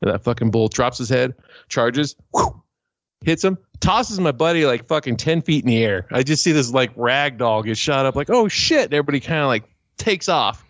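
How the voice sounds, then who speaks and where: A man's voice: medium pitch, animated, moderate pace, a bit bright, dry recording. Man, podcast co-host, crude joking storyteller, dull lo-fi sound, dry. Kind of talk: casual chat, storytelling.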